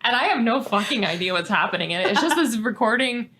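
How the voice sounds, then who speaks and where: Young woman cohost, bright sharp voice, laughs a lot, swears casually. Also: a little high, lively intonation, quick pace. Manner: laughing, swearing, playful asides. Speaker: podcast co-host. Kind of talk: casual chat.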